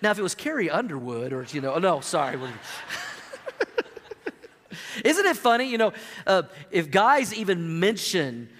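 A man's voice: high voice, big pitch swings, fairly quick, fairly bright tone. A middle-aged man preaching a humorous sermon to a church congregation, telling stories and acting out the quotes. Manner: playful, storytelling, acts out quotes. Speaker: pastor. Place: church sanctuary. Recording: long hall reverb.

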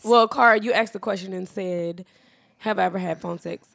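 A woman's voice: medium pitch, fairly quick, gravelly, fairly bright tone, no room sound. Frank, playful woman co-host. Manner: leads the topics, frank and playful. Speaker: podcast co-host. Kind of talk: casual chat.

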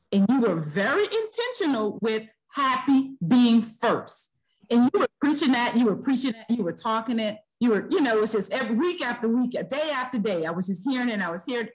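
A woman's voice: a little high, poor audio. A woman guest on a podcast, talking earnestly and repeating phrases as she builds her point. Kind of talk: casual podcast interview.

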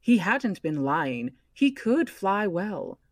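A woman hosting a book club podcast, reading a novel aloud in a measured, expressive way. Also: medium pitch, no room sound, studio quality.

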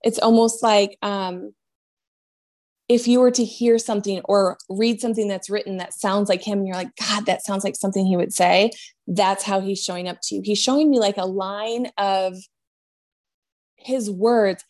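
A woman giving a spiritual medium reading in a gentle, reassuring way, often trailing off and restarting her sentences. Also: mid-range voice, steady tone, normal speed.

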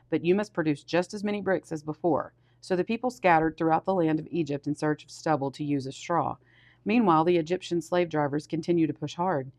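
A man, a pastor, reading scripture aloud steadily with small restarts, and getting louder on the commands. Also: a little high, fairly even intonation, fairly quick, creaky, dry recording.

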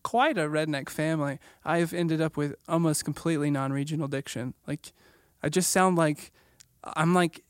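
A man's voice: fairly high pitch, moderate pace, no room sound, studio quality. A man from Southwest Missouri hosting a podcast, rambling and joking with guests. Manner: rambling, jokey, laughs often. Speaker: podcast host. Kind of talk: casual interview chat.

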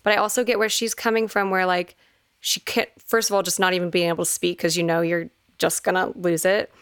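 A woman's voice: on the low side, little pitch movement, brisk, a bit bright, smooth, no room sound, clean studio sound. A woman co-hosting a podcast, chatting and picking apart a TV episode with lots of "like"s. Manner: chatty, analytical, many "like"s. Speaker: podcast co-host. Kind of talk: casual TV recap chat.

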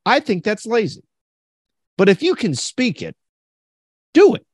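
A man's voice: high voice, very animated, normal speed, dry recording, clean studio sound. A man hosting a podcast in casual chat, telling stories animatedly and acting out other people's lines. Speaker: podcast host.

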